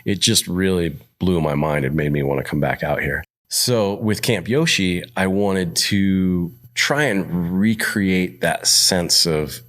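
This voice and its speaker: A man in his fifties from Montana tells his stories in a casual, wandering way, with a deep voice. He livens up when he acts out what other people said. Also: slow, hardly any pauses. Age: 50s. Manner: rambling, animated when quoting others. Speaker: podcast guest. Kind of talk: casual storytelling.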